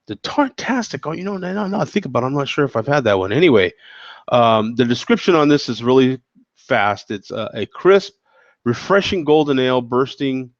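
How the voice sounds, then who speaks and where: A man's voice: mid-range voice, dry recording. Laid-back man with a slightly congested voice. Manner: laid-back, rambling, peppered with "you know what I'm saying". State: slightly congested from a summer cold. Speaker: host of a live beer-tasting show. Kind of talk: casual beer review chat. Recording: dull lo-fi dry sound.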